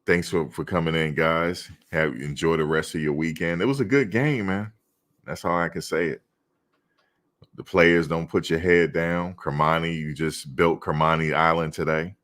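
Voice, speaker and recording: Male stream host, very low voice, laid-back teasing banter. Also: little pitch movement, normal speed, fairly bright tone. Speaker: host of a fan livestream. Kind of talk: casual chat reading live comments.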